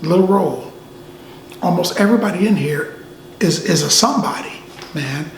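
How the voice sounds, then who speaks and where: A man giving a casual movie review, easygoing and animated, often tacking "man" onto his sentences. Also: high-pitched, moderate pace. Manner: laid-back, says "man" often, animated asides. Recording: echoey room, faint ambient noise.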